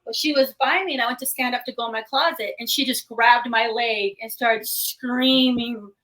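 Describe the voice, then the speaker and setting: Bright, lively-voiced woman telling a story. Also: on the high side, normal speed, poor audio. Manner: animated storyteller, acts out quoted voices. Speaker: paranormal investigator guest. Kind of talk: casual interview storytelling.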